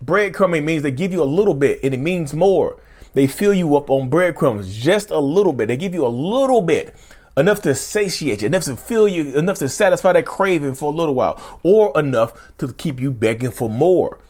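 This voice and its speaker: A man's voice: on the high side, lively intonation, a little fast, a little mellow. A man hosting his own channel, talking casually and emphatically to viewers, often repeating himself and saying "y'all". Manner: chatty, repetitive, says "y'all" often, emphatic. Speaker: YouTube host. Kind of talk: casual direct-to-camera talk.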